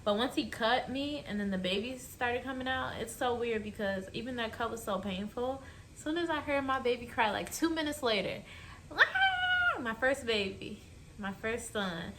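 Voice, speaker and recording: A woman's voice: on the high side, normal speed, fairly bright tone, slight background noise. A young woman vlogging, telling a personal story in a chatty, emotional way and speaking straight to her viewers. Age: young adult. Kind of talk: casual storytelling to camera.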